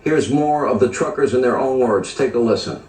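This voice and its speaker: A man's voice: medium pitch, normal speed, a little mellow. A male host delivering pointed TV commentary, hammering home lists of charged phrases. The voice sits in a middle register. It sounds echoey and a little distant from the microphone. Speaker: TV news commentator. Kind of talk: opinionated TV commentary.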